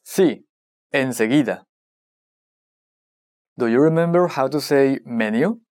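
Slow, measured language-lesson narrator. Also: mid-range voice, a little mellow. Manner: slow, deliberate prompting and modelling of words.

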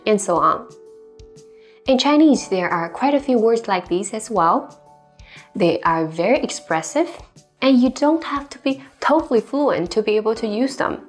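A woman narrates a scripted language lesson in a clear, deliberate voice, slowing down whenever she models an example phrase. Her pitch sits in a middle register. Soft background music plays faintly underneath. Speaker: language teacher.

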